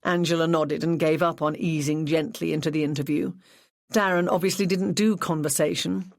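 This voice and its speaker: Dry, even audiobook narrator. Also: medium pitch, normal speed, vocal fry, no room sound. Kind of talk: scripted narration.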